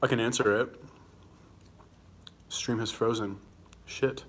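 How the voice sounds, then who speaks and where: A man's voice: mid-range voice, steady tone, takes it slowly, a little hiss or hum. A young man hosting a casual livestream, answering viewer comments bluntly and combatively, swearing freely and talking while he eats. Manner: talks while eating.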